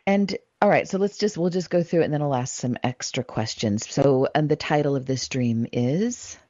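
A woman's voice: deep voice, moderate pace, dark tone, no room sound. Effusive woman hosting a call-in show, dry dull studio sound. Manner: effusive and gushing. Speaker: radio show host. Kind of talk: casual call-in chat.

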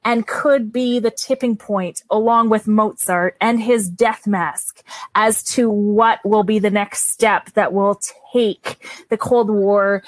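A woman's voice: medium pitch, steady tone, takes it slowly, dry recording. A woman with a Canadian accent, a guest author chatting in an interview with gushing enthusiasm. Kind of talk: casual interview.

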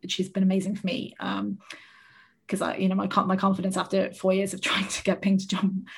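A woman's voice: medium pitch, completely flat delivery, brisk, creaky, husky. An Irish woman telling a self-mocking story in casual podcast chat, laughing often as she talks. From Ireland. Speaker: horse rider.

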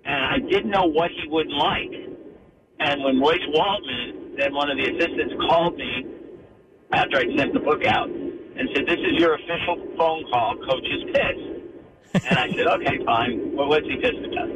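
A middle-aged man, a radio interview guest, telling lively anecdotes and acting out the people he quotes. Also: a little high, moderate pace, low-quality recording. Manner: animated anecdote teller, acts out quoted voices. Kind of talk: phone-in radio interview storytelling.

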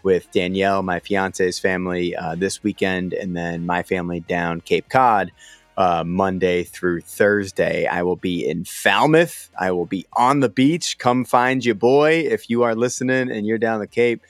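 Low-voiced guy from the boston area, rambly and relaxed, dry close mic, co-hosting a sports pod. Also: a little slow, no echo, soft background music. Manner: laid-back, rambling, many fillers. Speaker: podcast co-host. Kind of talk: casual sports podcast chat.

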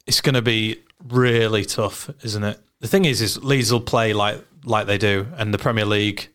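Lowish voice guy on a football podcast, stops and repeats himself a lot, casual. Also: steady tone, moderate pace, a bit bright. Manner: hesitant, repeats words while thinking. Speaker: podcast co-host.

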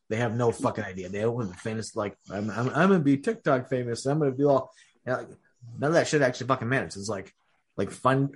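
A man with hiccups, rambling haltingly through a casual podcast chat with many fillers. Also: medium pitch, slightly rough. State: has hiccups. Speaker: podcast co-host.

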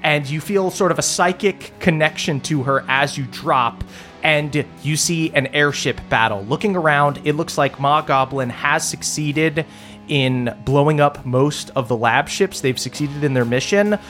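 A man's voice: on the high side, unhurried, a bit bright, faint music behind. A man narrating a tabletop game as game master, descriptive and using many filler words.

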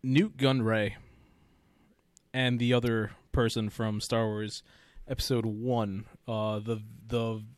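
A man's voice: on the low side, little pitch movement, slow pace, smooth, dry recording. A young man co-hosting a casual podcast, joking, laughing often and trailing off mid-sentence. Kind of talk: casual chat.

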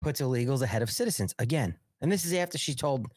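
A man's voice: medium pitch, expressive, quick pace, darkish tone, dry recording, clean studio sound. A man hosting a live political talk show, ranting angrily with heavy profanity. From New York. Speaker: host.

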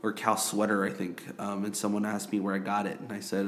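A man's voice: lowish voice, monotone, a little fast, hardly any pauses, a bit bright. Rambling young man in casual sports chat. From Korea. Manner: rambling, filler-heavy, repeats himself. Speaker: podcast co-host.

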